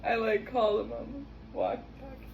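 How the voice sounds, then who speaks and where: A woman's voice: a little high, steady tone, brisk, gravelly, highs cut off. Young woman, casual storyteller, laughs a lot, swears, faint background noise. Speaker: vlogger. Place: home kitchen.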